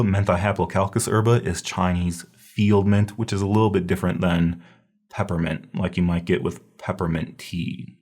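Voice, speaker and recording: A man teaching a recorded herbology review lecture, explaining patiently and repeating terms slowly for pronunciation. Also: sits low, a little mellow. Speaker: herbology instructor.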